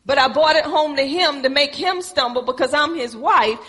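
A woman's voice: sits high, normal speed, a bit bright. A woman preaching a sermon, folksy and calling on the congregation for responses. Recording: echoey hall with long reverb.

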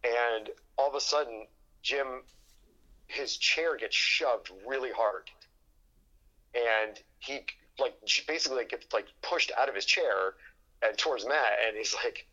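A man's voice: medium pitch, measured pace, sharp tone, highs cut off. A man telling a long story in casual chat, rambling with fillers and restarts and acting out what people said. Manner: rambling, full of fillers and restarts, acts out quoted dialogue.

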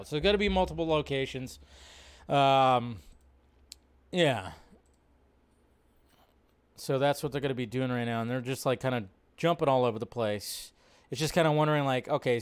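A man hosts a casual live-stream chat and rambles through his thoughts with plenty of fillers. His voice sits a bit high and sounds smooth and clear. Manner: rambling, filler-heavy, chatty.

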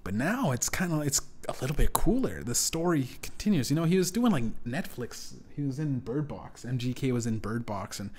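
A young man rants alone into his podcast mic, swearing freely and wandering from thought to thought. His voice sits in an ordinary middle pitch, then shoots up loud when he gets worked up. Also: animated, normal speed, hardly any pauses. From Canada. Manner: profane, rambling, with sudden loud jumps. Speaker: podcast host. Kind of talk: solo podcast rant.

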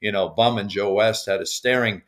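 A man's voice: fairly low pitch, moderate pace. An older man, a baseball coach guesting on a podcast, telling stories in a rambling way with many restarts. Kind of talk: casual interview conversation.

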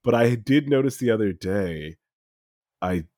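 A man's voice: fairly low pitch, animated, unhurried, warm tone, no echo, studio quality. A man from New Jersey co-hosting a podcast, joking, swearing and laughing often in casual chat. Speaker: podcast co-host.

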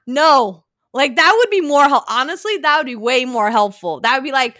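A woman telling a story in casual chat, animated and acting out both sides. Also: sits high, moderate pace, no echo, clean studio sound. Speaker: podcast co-host.

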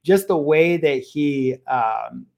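A middle-aged man, a parenting coach appearing as a podcast guest, speaking conversationally and telling a family story with animated voices for each character. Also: fairly high pitch, slow, vocal fry. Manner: animated, acts out voices in his stories.

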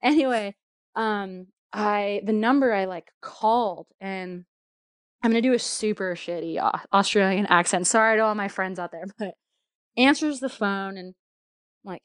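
A woman's voice: mid-range voice, moderate pace, clear, resonant tone, dry recording, studio quality. A woman telling a travel story in a casual, chatty way, full of fillers and laughter.

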